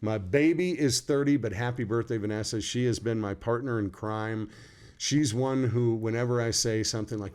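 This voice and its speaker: A man's voice: mid-range voice, moderate pace, a little mellow, clean tone. A man in his fifties with an American accent, co-hosting a casual podcast chat, joking and laughing often. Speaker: podcast co-host.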